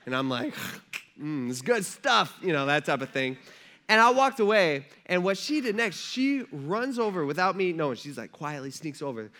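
A man in his thirties preaching a sermon from a church stage, telling stories in an animated, conversational way with lots of asides. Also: fairly high pitch, normal speed. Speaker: pastor.

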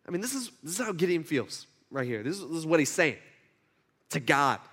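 A male pastor retells a scripture story in a casual, animated sermon, with many restarts as he talks. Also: on the high side, a little fast, husky. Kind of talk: conversational sermon.

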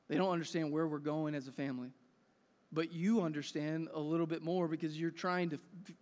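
High-voiced male pastor preaching. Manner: earnest, conversational, builds to emphatic peaks. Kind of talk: sermon. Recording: echoey hall reverb.

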